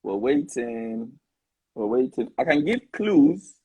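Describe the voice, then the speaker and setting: A man with a Nigerian accent hosting a casual live online discussion, playful and quick to laugh. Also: medium pitch, sing-song, dark tone, husky, highs cut off. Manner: playful, laughs often, jokes in pidgin. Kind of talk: casual live-stream talk.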